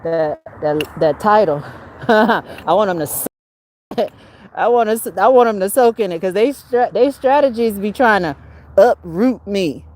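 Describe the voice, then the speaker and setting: A woman hosting her own livestream, talking casually and preachily about spiritual warfare, laughing often and swinging from loud bursts down to low mutters. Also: lively intonation, a little slow, a little hiss or hum. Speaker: livestream host.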